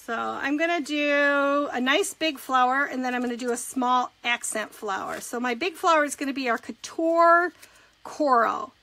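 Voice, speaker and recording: A woman's voice: sits high, normal speed, bright, forceful tone, low-quality recording. A woman giving a chatty live crafting demonstration, walking through each step and greeting viewers as she works. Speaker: craft demonstrator and direct sales consultant.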